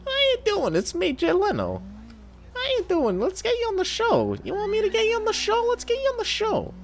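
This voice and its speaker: A woman's voice: wildly swooping pitch, fairly quick, a little hiss or hum, exaggerated voice. A woman putting on an exaggerated impression of a chatty male talk-show host who keeps repeating himself about cars. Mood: goofy. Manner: squeaky, repetitive, car-obsessed.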